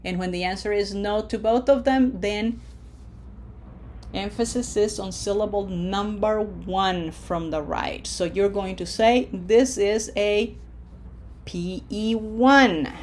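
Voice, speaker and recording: A woman teaching a recorded online language lesson, patiently walking through rules step by step and slowing down to model words. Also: mid-range voice, darkish tone, a little hiss or hum. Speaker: Spanish teacher.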